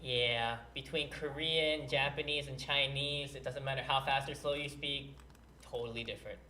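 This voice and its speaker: A man's voice: mid-range voice, steady tone, moderate pace, bright, forceful tone, slight background noise. A man hosting a game livestream, curious and thinking aloud while he plays, in casual chat. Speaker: livestream host. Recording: roomy echo.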